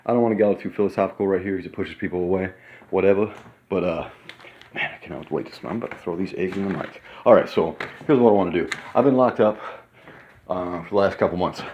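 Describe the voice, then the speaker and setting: A man in his thirties, excitable and rambling in a casual vlog monologue, sometimes talking while eating in a hotel room. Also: sits low, quick pace, muffled recording, a little hiss or hum. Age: 30s. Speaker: vlogger.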